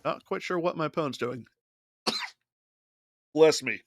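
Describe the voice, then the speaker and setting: A man's voice: a little high, measured pace, dry recording, studio quality. A man casually talking himself through a digital card game as a streamer, muttering his moves and thoughts. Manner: muttering thoughts while playing. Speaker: gaming streamer. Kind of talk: casual gameplay commentary.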